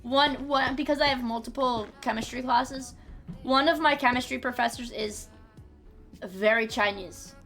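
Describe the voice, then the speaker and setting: A woman's voice: fairly high pitch, a little slow, fairly bright tone, faint music behind. A young woman streaming a game, chatting casually, swearing freely and often restarting her sentences. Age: young adult. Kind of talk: casual gaming livestream chat.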